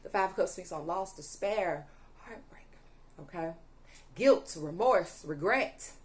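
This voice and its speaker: An unhurried young woman with an expressive voice on the low side reads tarot cards for her viewers. She's emphatic and repetitive, often stopping to ask "okay?" and repeating "allegedly," with moments where she's audibly angry.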